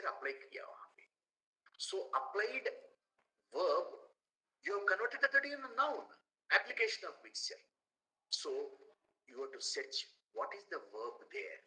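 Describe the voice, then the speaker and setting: A middle-aged man with an Indian English accent giving a classroom lecture, animated, with rhetorical questions and plenty of fillers. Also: fairly high pitch, measured pace, long pauses, poor audio. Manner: animated, rhetorical asides, fillers and repeated words. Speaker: guest lecturer.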